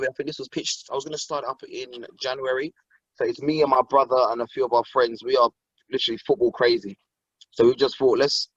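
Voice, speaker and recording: Brief: young male guest, quick and lively, muffled dry sound. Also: mid-range voice, no echo. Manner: excitable, swears, laughs often. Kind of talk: casual video call chat.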